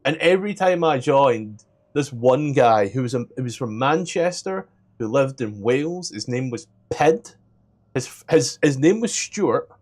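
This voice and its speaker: A young Scottish man running a tabletop game as game master. He narrates in a hushed voice, his talk loose and peppered with "like.". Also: medium pitch, lively intonation, a little slow. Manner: hushed, many "like" fillers.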